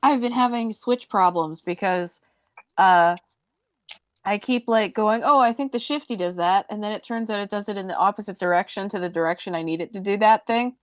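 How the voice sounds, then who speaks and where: Quick offhand woman on a video call. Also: mid-range voice, dry recording. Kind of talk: casual video-call chat.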